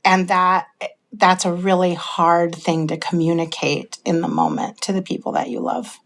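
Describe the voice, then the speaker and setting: A woman author being interviewed as a guest, speaking in a deliberate, reflective way. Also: on the low side, lively intonation. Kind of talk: interview conversation.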